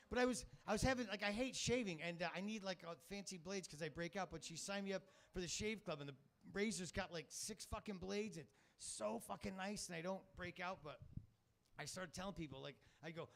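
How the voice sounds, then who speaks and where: Middle-aged male comic hosting a club night, high voice, crude and self-mocking, on a stage mic. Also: a little fast, vocal fry, a bit bright. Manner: crude, rambling, self-mocking, swears a lot. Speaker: stand-up comic and show host. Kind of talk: stand-up comedy set.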